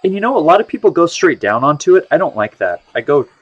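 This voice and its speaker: A man's voice: a little high, big pitch swings, fast, muffled recording. A man in his thirties from the United States, chatting casually and rambling on a live art stream while he paints. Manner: rambling, chatty, often trails off and restarts. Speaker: livestream art host.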